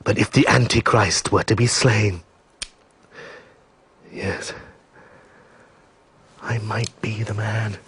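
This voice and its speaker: A man's voice: on the low side, normal speed, few pauses, fairly bright tone, slight background noise. A jittery brooding nobleman, mumbly and unsure, radio play feel. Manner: hesitant, murmuring to himself. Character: anxious brooding Russian nobleman, Pierre. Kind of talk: radio drama acting.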